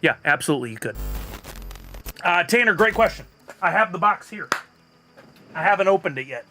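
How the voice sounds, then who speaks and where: A man's voice: sits high, expressive, fairly quick, bright, forceful tone, soft background music. A man streaming live, chatting casually and answering viewers' comments. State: has the hiccups.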